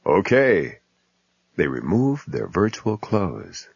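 A man reads a comic essay in a wry, deadpan way. His voice is deep and a little husky, and it rises and falls a lot. It sounds close and dry on a dull lo-fi recording. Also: moderate pace, no room sound. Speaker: humor columnist reading his piece. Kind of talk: reading a humorous essay. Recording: muffled lo-fi recording.

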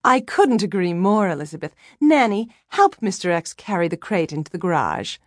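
A woman doing a brittle socialite wife in an audiobook, curt and icy with her staff. The voice sits above the reader's own pitch, and the recording is dry and close. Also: expressive, a little slow, no room sound. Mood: cold. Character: brittle, unhappy wealthy wife and mother.

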